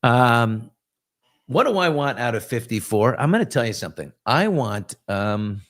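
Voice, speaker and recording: A man's voice: mid-range voice, big pitch swings, moderate pace, a bit bright. A man in his fifties from New York, hosting a casual live chat and answering viewers, rambling and self-reflective with joking asides. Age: 50s. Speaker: host.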